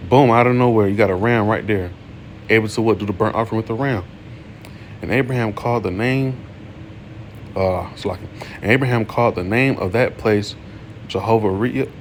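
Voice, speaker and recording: Man, low voice, informal scripture teaching, reads verses, casual explanations. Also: background noise. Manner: reads scripture, then explains it in casual slang, tagging lines with "right?". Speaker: bible teacher.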